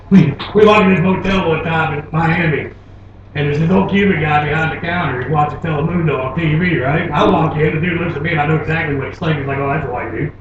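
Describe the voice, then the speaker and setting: A man's voice: on the high side, a little fast, highs cut off, a crowd in the background. Man doing stand-up, very echoey club. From Florida. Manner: animated storytelling, laughs at his own jokes. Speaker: stand-up comedian. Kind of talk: stand-up comedy set. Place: comedy club stage. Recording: very echoey club, taped from far off, noisy.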